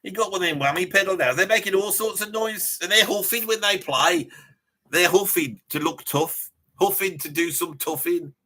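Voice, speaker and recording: Guy putting on a loud brummie metalhead bloke, blustery and rambly, kinda high voice with a really sharp edge. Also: normal speed. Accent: Birmingham. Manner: blustering and rambling, swears casually, laughs at his own jokes. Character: brash, mouthy Birmingham metalhead bloke. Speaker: livestream host in character. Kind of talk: comic live reaction stream.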